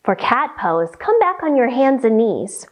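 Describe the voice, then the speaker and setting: Woman, children's yoga teacher, storytime read-aloud, unhurried, expressive and playful. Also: a little high. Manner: animated, playful, slow and expressive.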